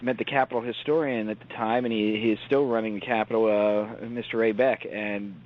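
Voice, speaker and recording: A man's voice: lowish voice, steady tone, fairly quick. Earnest man recounting an investigation. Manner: earnest, enthusiastic about history. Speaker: guest ghost investigator. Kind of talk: recounting in conversation. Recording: dull lo-fi audio.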